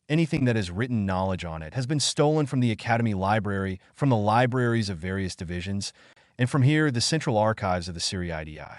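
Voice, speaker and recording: Man voicing a cold composed young male ninja, calm, lively pitch. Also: no room sound, studio quality, natural voice.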